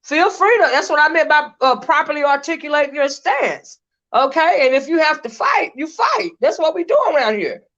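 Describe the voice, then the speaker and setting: A woman's voice: sits high, animated, moderate pace, fairly bright tone. A woman hosting a casual panel chat, sassy and teasing, laughing often. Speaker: channel host. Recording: dull lo-fi stream audio.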